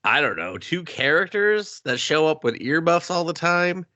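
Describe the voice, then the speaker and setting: A man's voice: a little high, big pitch swings, moderate pace, sharp tone, dry recording, muffled recording. A man co-hosting a movie review podcast, ranting in a sarcastic, profane, casual way. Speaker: podcast co-host.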